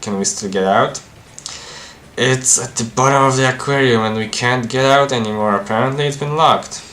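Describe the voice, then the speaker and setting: A man voices a game playthrough in a bright, tense voice. He reads casually and quickly, restarting lines now and then. A faint hiss sits behind him. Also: medium pitch. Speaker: amateur dubber playing a game.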